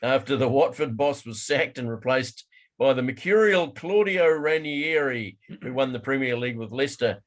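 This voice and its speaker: Dry, steady sports news reader. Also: male voice, medium pitch, normal speed. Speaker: podcast co-host. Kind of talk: reading sports news in casual chat.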